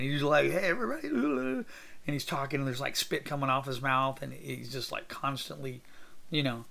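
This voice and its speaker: An art teacher sketches on camera while narrating a casual drawing tutorial in an upbeat, gravelly male voice. His mid-range voice sounds pushed and bright, and he stays encouraging, thinking aloud with plenty of fillers.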